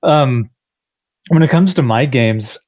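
A man's voice: mid-range voice, expressive, slow, darkish tone. A man, a game developer, chatting casually on a panel, rambling and self-deprecating, laughing often.

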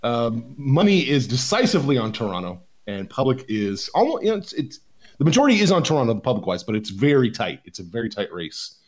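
A man's voice: mid-range voice, very animated, a little fast. A man co-hosting a sports betting podcast, chatting casually about where the money and public are.

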